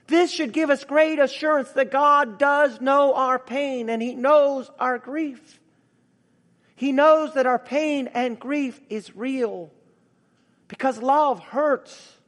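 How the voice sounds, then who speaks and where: A man's voice: extremely high pitch, long reverb tail. A man preaching a sermon in an earnest, emphatic way, reading scripture and speaking of grief and love. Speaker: pastor.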